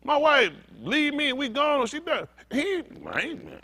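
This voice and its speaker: A man's voice: extremely high pitch, sing-song, moderate pace, bright, forceful tone. A man preaching a sermon as pastor, talking straight to his congregation in a joking, conversational way. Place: synagogue congregation.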